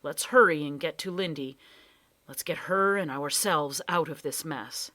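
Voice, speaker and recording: Calm old professor guy, lower voice, careful, woman reading a kids book. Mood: reassuring. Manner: measured, hushed at times. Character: calm older male professor, cautious.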